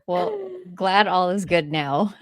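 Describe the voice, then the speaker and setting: A woman's voice: on the low side, wildly swooping pitch, takes it slowly, no room sound, clean studio sound. A woman co-hosting a podcast, telling a story in casual chat and laughing often as she retells it. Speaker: podcast co-host and landlord.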